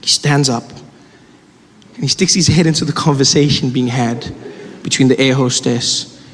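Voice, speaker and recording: A man telling a story on a stand-up stage, animated and acting out voices. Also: mid-range voice, normal speed. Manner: animated, acts out other voices. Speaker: stand-up comedian. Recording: stage with long reverb, faint ambience.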